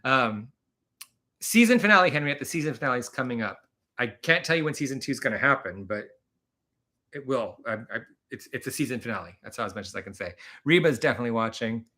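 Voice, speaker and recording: A man hosting a casual live stream with a bright, forward tone at a middle pitch. He rambles and chats freely, laughing often as he goes. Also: lively intonation, quick pace.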